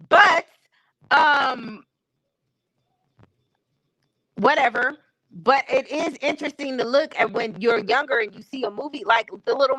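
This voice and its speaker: A woman's voice: sits high, pushed and bright, no echo, poor audio. A woman hosting a live stream, chatting casually in a candid, opinionated way with slangy everyday talk. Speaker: stream host. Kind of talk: casual chat. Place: home streaming setup.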